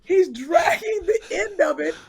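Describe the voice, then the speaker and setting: A woman co-hosting a comedic casual chat, with loud, laughing interjections. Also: very high-pitched, very animated, a little slow, creaky, a crowd in the background. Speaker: co-host.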